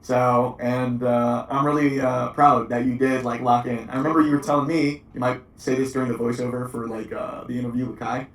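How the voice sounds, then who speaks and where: A man talking easily with a friend, unhurried and encouraging, drifting from thought to thought with plenty of "uh". He sounds distant, in an echoey room. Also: medium pitch, flat delivery. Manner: laid-back, supportive, rambling. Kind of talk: casual chat.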